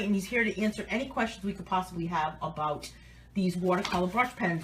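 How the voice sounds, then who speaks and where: A woman's voice: medium pitch, a little fast, fairly bright tone, slight background noise, low-quality recording. A woman hosting a casual live coloring demo, talking chattily with frequent ums and restarts. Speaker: host of a coloring livestream.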